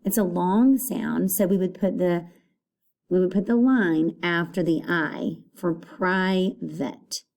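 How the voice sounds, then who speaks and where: Woman teacher, unhurried and patient, warm low-key tone, repeats each word for young pupils. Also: fairly even intonation, creaky. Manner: slow, patient, repeats words to sound them out. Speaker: elementary school teacher. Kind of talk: recorded phonics lesson for children.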